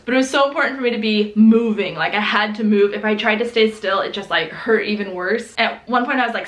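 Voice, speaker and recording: Animated young woman telling a birth story. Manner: animated, laughing, acts out quotes in high voices. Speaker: vlogger. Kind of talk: casual storytelling to camera. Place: home room. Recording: echoey room.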